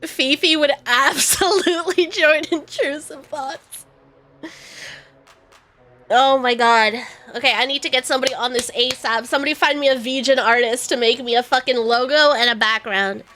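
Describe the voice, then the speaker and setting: A woman's voice: high-pitched, normal speed, bright, forceful tone. A young woman VTuber streamer chatting casually, rambling and self-deprecating, often giggling.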